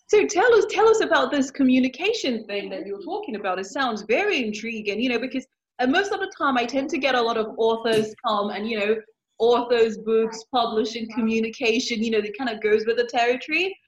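A woman's voice: fairly high pitch, expressive, brisk. A woman hosting a podcast in a casual, chatty way, talking straight to her listeners. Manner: chatty, friendly, talks to listeners directly. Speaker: podcast host. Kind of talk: casual chat. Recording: dull, lo-fi sound.

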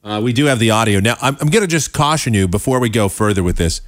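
A man's voice: fairly low pitch, lively intonation, no room sound, studio quality. Sarcastic male talk-show host. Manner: sarcastic, quick asides. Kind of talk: casual talk commentary.

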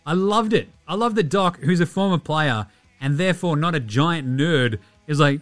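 Brash Australian man ranting, fairly high voice. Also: lively intonation, normal speed, soft background music. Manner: profane, blunt ranting. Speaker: podcast host. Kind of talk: casual sports talk.

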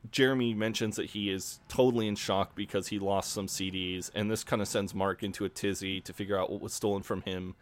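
A man, co-hosting a casual podcast chat, laid-back and quick to swear and laugh. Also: fairly low pitch, no room sound. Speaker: podcast co-host. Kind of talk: casual chat recapping a TV episode.

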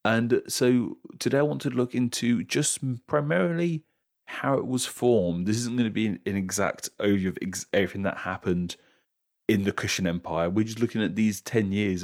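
A man with an English accent, co-hosting a history podcast in a chatty, animated way, laughing often. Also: on the low side, a little fast. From England. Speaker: podcast co-host. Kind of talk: casual podcast chat. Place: London.

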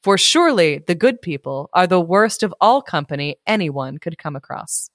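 A woman's voice: fairly low pitch, lively intonation, normal speed, no echo, clean studio sound. A woman co-hosting a podcast who reads an old folk tale aloud, giggling and breaking off for asides. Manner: giggly, adds asides while she reads. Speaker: podcast co-host reading folk tales. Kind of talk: casual chat and reading aloud.

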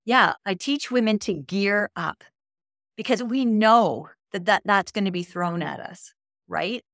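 A woman's voice: medium pitch, unhurried, a bit bright, dry recording, clean studio sound. A woman, a Christian speaker and author, talking earnestly as a guest on a faith podcast and building to emphatic encouragement.

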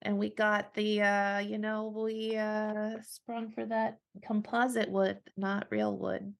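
A woman's voice: medium pitch, level tone, takes it slowly, creaky. A woman guest on a podcast, chatting casually and laughing a lot. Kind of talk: casual chat.

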